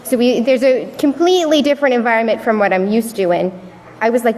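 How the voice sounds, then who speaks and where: A woman's voice: on the high side, fast, a little mellow. A young woman giving a personal story speech at a church service, acting out what people said along the way. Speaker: youth speaker at a church service. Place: large worship hall. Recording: long reverb of a large hall.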